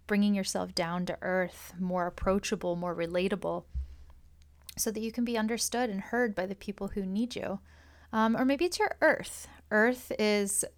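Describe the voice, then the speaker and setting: Woman at a middle pitch, earnest and gentle, reflective self-help monologue with hushed asides. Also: smooth.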